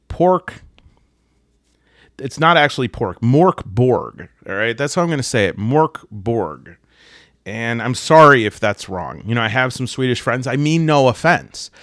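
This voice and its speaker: A man's voice: mid-range voice, fairly bright tone. An American man chatting casually to camera about tabletop games. He jokes at his own expense and slips into goofy voices when quoting people. His voice sits mid-range, recorded close and dry with no room echo. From United States. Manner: joking, self-deprecating, puts on silly voices for quotes. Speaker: solo tabletop gaming host.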